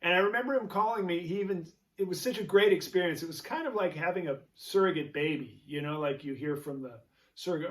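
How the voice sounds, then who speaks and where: Hosting his own show, a jazz guitarist rambles through a story in a casual, chatty manner full of fillers and restarts. His voice sits high with a fairly bright tone, he speaks briskly, and he is far from the mic.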